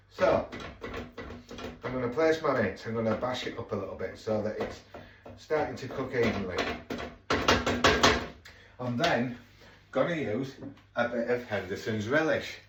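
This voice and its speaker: A man with a Yorkshire accent chatting casually as he cooks at home, rambling off into jokey asides. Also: medium pitch. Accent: Yorkshire English. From Yorkshire, England. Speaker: home cook vlogger. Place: home kitchen. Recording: echoey kitchen, mic far off, noisy.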